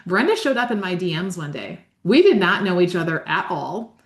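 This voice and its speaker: A woman host leads a faith-based podcast conversation with bright enthusiasm, piling on affirmations. Her voice sits a touch low for a woman. It carries a noticeable roomy echo. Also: very animated, normal speed. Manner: enthusiastic and affirming, gushes praise.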